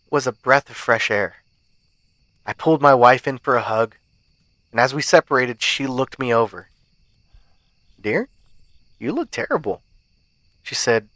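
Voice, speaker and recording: A podcast host tells a spooky first-person tale in a measured, suspenseful way. His voice sits at an ordinary middle pitch for a man. The recording is close and dry, with no room sound at all. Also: fairly bright tone, no room sound. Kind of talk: reading a horror story aloud.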